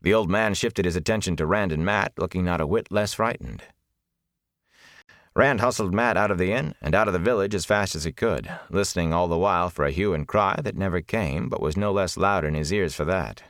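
A man narrating a fantasy novel as an audiobook, measured and expressive. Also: low-pitched, dry recording, clean studio sound.

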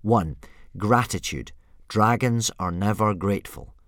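A man's voice: on the low side, unhurried, no echo, studio quality, close to an everyday voice. A man voicing an earnest, worried young boy who trains a dragon, pleading and often exasperated. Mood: reasoning. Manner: pleading, rising into frantic shouts.

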